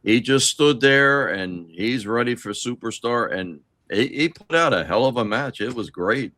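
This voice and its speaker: A man's voice: mid-range voice, animated, measured pace, bright, forceful tone. A man hosting a casual chat show, talking in a blunt, enthusiastic way. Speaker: podcast host.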